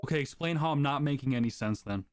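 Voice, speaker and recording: Profane, combative streamer with a dark, dry voice. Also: male voice, medium pitch, quick pace, clear, resonant tone, dry recording. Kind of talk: heated casual argument.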